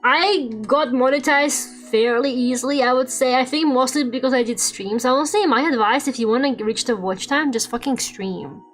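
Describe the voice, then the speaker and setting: A woman's voice: high voice, normal speed, hardly any pauses, soft background music. A young woman streaming and chatting casually while she draws, rambling, swearing freely and laughing often.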